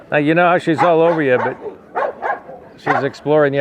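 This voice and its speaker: Animal rescue guy calling his dogs in a yard, higher voice, lots of noise behind him. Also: normal speed. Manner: coaxing, repeats calls to the dogs. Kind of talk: casual talk to camera and dogs. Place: outdoor dog yard.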